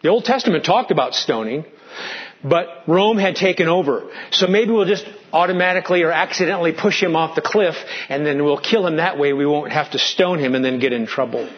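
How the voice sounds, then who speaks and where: A man preaching a sermon as pastor, animated and swinging between loud and hushed, sometimes asking the congregation questions. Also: on the high side, brisk, dull audio.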